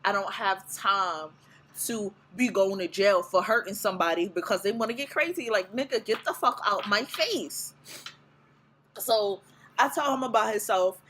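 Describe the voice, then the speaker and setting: A woman's voice: medium pitch, normal speed, slight background noise, low-quality recording. A woman vlogger casually telling a story to camera, blunt and profane, acting out her reactions. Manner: blunt, profane, animated retelling.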